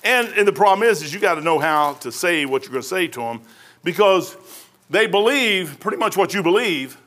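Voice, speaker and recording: Bright, high-voiced folksy preacher man. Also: expressive, a little fast. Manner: folksy, conversational preaching with slang and asides. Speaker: pastor. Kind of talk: sermon.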